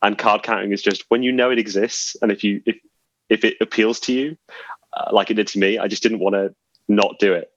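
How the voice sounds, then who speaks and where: A man's voice: on the low side, fairly even intonation, brisk, no echo, muffled recording. A man, a podcast guest telling stories in a chatty, self-deprecating way. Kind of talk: casual storytelling chat.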